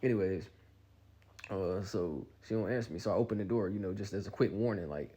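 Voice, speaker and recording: A man in his twenties telling a casual storytime in an animated, slangy, rambling way. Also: low voice, racing, husky.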